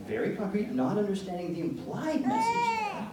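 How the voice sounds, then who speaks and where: A Canadian man lecturing parents in a big echoey room, picked up from across the space with a faint hiss behind him. His mellow voice rises and falls a lot as he tells stories and acts out the people in them. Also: sits high, brisk, far from the mic. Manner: lively storyteller, acts out dialogue in changed voices. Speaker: psychologist giving a talk to parents. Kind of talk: informal lecture with acted-out anecdotes. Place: meeting room, large and echoey. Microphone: room mic from a distance.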